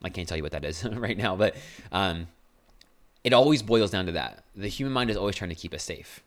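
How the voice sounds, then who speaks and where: With a low, expressive voice and a fairly quick pace, a young podcast host works through a relaxed motivational monologue. He is blunt and earnest and calls his own tone aggressive.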